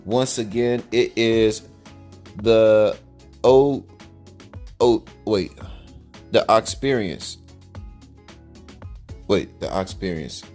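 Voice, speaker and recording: A man's voice: fairly low pitch, a little mellow, soft background music. A man hosting a reaction commentary channel, talking bluntly in slang and drawing words out for emphasis. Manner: blunt, slangy, drawn-out emphasis, mimics voices. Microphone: audio only, no camera.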